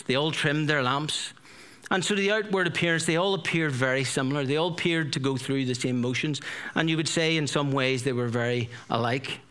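A man's voice: mid-range voice, fairly bright tone, clean tone. A middle-aged man preaching a sermon in a conversational, storytelling way, full of rhetorical questions.

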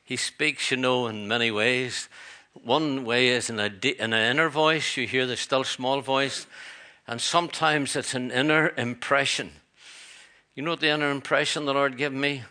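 A man's voice: mid-range voice, fairly even intonation, normal speed, sharp tone. A middle-aged man, a pastor preaching a sermon in a church, earnest and repetitive, with chatty asides.

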